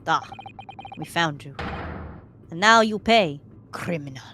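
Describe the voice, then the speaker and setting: A woman voicing a gruff, menacing male sailor in a mock Russian accent, reading game lines on a stream. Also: low voice, animated, pushed and bright, slight background noise, full character voice. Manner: slow, threatening interrogation.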